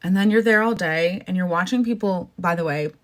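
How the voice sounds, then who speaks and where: A woman's voice: on the low side, a little fast. A woman in her thirties from Canada, hosting a podcast in a casual, exasperated rant with frequent asides. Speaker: podcast host. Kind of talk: casual opinion monologue.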